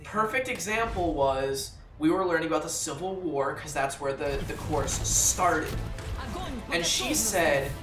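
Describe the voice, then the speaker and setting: A man's voice: on the high side, a little slow, music in the background. Male gaming host, casual rambling chat, echoey room, distant mic. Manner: rambling, with many fillers and restarts. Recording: roomy echo, distant mic.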